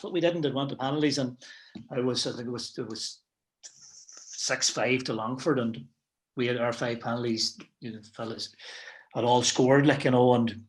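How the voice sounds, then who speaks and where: Speaking at medium pitch, this middle-aged man, a football manager, looks back on the past in a relaxed interview, full of "you know" and false starts as he rambles.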